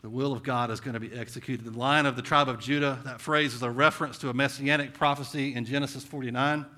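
A man with a Southern US accent preaching a conversational sermon, asking rhetorical questions and swinging between intense and hushed delivery. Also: medium pitch, fairly even intonation, fast talker. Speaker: pastor.

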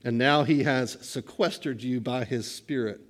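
A middle-aged man preaching a sermon, swinging between hushed, quiet lines and loud, excited bursts. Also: medium pitch, unhurried. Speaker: pastor.

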